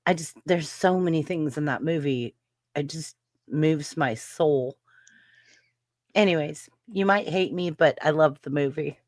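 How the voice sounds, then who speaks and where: A woman's voice: low-pitched, a little slow, a little mellow, dry recording, studio quality. A woman in casual chat, talking with gushing enthusiasm.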